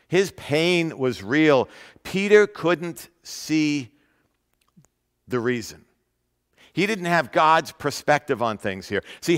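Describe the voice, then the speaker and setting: An earnest male pastor delivers a sermon at a medium pitch, repeating key phrases and drawing out important words. His voice carries a long reverb, as if heard in a large hall. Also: a bit bright.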